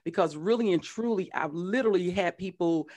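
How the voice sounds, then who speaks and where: A woman's voice: lowish voice, a little fast. A woman hosting a casual conversation, telling stories animatedly with frequent restarts and repeated words. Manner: animated storytelling with frequent restarts and acted quotes. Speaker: host.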